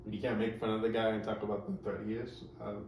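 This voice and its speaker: A man's voice: lowish voice, flat delivery, fast, a little mellow. A man hosting a reaction video, rambling in casual commentary with sarcastic asides. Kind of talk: casual commentary over clips. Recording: roomy, distant mic, faint noise.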